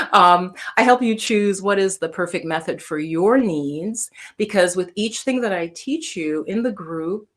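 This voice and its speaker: A woman's voice: mid-range voice, expressive, a little slow, a bit bright. A woman teaching meditation on a live stream, talking casually to viewers and explaining with everyday analogies. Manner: chatty, explains with homely analogies, talks to the chat.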